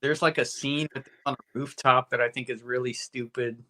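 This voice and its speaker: A man's voice: medium pitch, steady tone, moderate pace, sharp tone. A man co-hosting a podcast, adding short, laid-back comments about a movie. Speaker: podcast co-host. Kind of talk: casual movie review chat.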